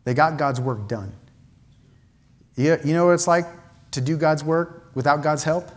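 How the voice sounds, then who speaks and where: A man's voice: a little high, unhurried. A man preaching a sermon in a church, impassioned, with repeated phrases and many restarts. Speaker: pastor.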